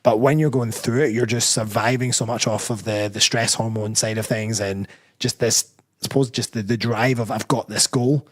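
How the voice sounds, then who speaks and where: A Scottish man with a lowish voice speaks at a moderate pace in a steady tone. He's a personal trainer appearing as a guest in a casual interview, and he rambles reflectively, often correcting himself mid-sentence.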